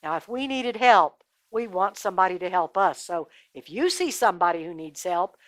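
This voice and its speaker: A woman's voice: lowish voice, lively intonation, normal speed, dry recording. A woman storyteller telling a Bible story expressively and speaking directly to children.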